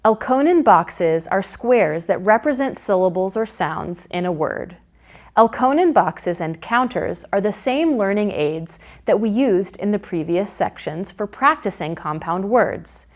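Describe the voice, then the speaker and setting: A woman narrates a phonics training lesson for teachers, unhurried and clear. Her pitch moves in a lively, animated way as she sounds out words syllable by syllable. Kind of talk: instructional narration.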